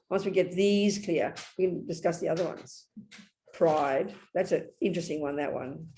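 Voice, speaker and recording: Emphatic Buddhist nun teaching over a call. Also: female voice, on the low side, warm tone, breathy edge. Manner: emphatic, intimate, calls listeners darling. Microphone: video call.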